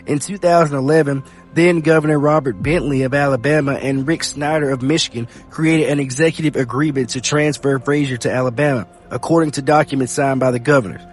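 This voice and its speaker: A man hosting a podcast, reading news reports aloud in a steady read-aloud delivery. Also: mid-range voice, a little fast, few pauses. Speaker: podcast host. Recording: faint music bed behind.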